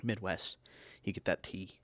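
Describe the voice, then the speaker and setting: Guy with a low voice chatting casually, jokey, keeps asking right?, dry close sound. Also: fairly even intonation, unhurried, fairly bright tone, no room sound. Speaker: host reviewing energy drinks and decks. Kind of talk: casual chat.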